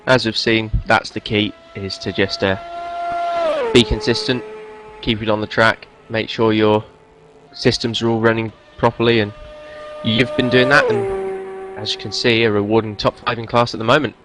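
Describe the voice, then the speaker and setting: A man commentating a sim race live, polite and steady. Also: on the low side, moderate pace, noisy background. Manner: polite, steady, mildly apologetic.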